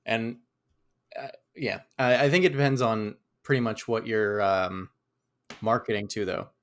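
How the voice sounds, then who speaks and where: A man with a somewhat low voice co-hosts a casual podcast. He talks in a relaxed, unhurried way and often stops to restart his sentences. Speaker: podcast co-host.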